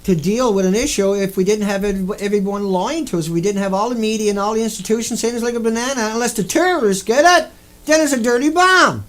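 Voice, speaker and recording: High-pitched ranting man, angry and repetitive. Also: fast talker. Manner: ranting, repetitive, swears often. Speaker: video blogger. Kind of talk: angry rant.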